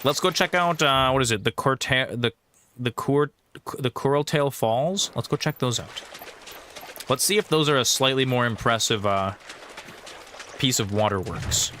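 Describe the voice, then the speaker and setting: Bright-voiced, excitable gaming streamer. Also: male voice, medium pitch, moderate pace, a little hiss or hum. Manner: excitable, jokey, rambling. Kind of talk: casual let's-play commentary. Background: game music.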